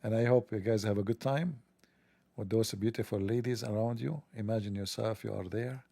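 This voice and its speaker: Gravelly, dark-voiced man mocking sarcastically. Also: on the low side, fairly even intonation, moderate pace, no echo. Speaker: livestream host. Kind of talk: mocking monologue.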